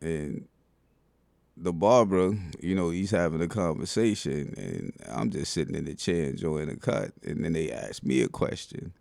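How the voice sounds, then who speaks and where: A middle-aged man with a Bronx New York accent, telling stories in a relaxed, slangy way for his video channel. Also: sits low, normal speed, vocal fry, dry recording. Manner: relaxed street slang, keeps saying "you know what I'm saying". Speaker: vlogger. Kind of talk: casual storytelling monologue.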